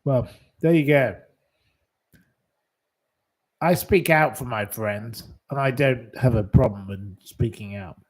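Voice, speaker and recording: A man's voice: medium pitch, slow, pauses often. A man hosting a live stream, indignantly scolding commenters in blunt, profane, repetitive retorts. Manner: repeats short dismissals.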